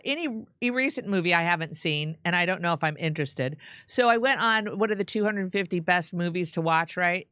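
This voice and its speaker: A woman co-hosting a show, chatting casually in halting, chatty speech with frequent laughs. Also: medium pitch, pushed and bright, dry recording. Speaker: co-host. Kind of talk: casual live-stream chat.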